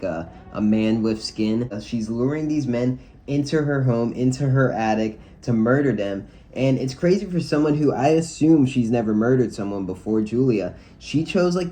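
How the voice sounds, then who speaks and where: A man's voice: mid-range voice, dark tone. Laid-back man reviewing a movie. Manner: loose, frank, swears, lots of "like". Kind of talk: casual vlog review.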